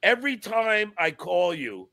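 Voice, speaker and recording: A man who stutters, telling stories in a casual podcast chat with halting restarts. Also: high voice, sing-song, bright, forceful tone. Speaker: guest.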